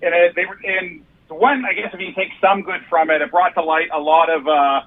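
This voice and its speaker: A man from Canada calling into a podcast, recounting a story in a fast, earnest way. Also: on the high side, steady tone. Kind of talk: casual storytelling by phone. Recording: tinny phone line.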